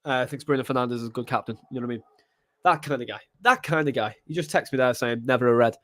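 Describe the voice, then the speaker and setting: A man's voice: mid-range voice, fast talker, no room sound. A young man, chatting and reacting through a live match stream as a fan. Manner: rambling, excitable, sings chants. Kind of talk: casual live match commentary.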